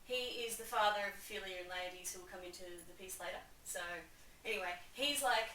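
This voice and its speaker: A woman's voice: medium pitch, brisk, bright, forceful tone. A young woman hosting a video, giving a chatty, enthusiastic comedic summary full of "like". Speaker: video host. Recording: echoey room, distant mic, faint hiss.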